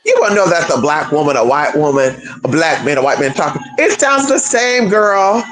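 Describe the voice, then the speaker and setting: A livestream host rants straight to viewers, firing off rhetorical questions and cursing freely. The voice rides a wide, lively pitch range. Soft music hums underneath. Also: moderate pace, rough recording. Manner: animated, rhetorical, with profanity. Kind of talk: livestream rant.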